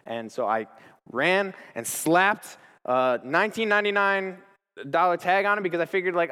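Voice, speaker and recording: A man's voice: high voice, animated, measured pace, pushed and bright, long reverb tail. A young man in his twenties giving a casual, enthusiastic church talk full of stories, slang and restarts. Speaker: speaker at a church gathering. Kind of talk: informal sermon with storytelling.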